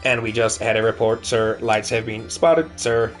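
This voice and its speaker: A man's voice: fairly low pitch, moderate pace, soft background music, lightly acted. A man doing a stiff robotic henchman. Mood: dutiful. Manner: stiff, robotic, beep-boop delivery. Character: big dumb robotic male henchman.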